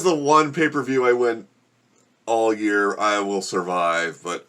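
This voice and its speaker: His voice is on the low side, smooth and a bit bright, unhurried with fairly even intonation. In a casual at-home vlog, in a room that holds a gecko habitat, he groans and complains his way through very spicy food.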